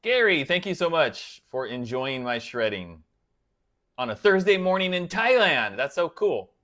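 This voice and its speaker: A man's voice: on the high side, very animated, measured pace, sharp tone. A man hosting a casual livestream, chatting loosely and answering viewers by name. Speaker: guitar channel host reading live chat.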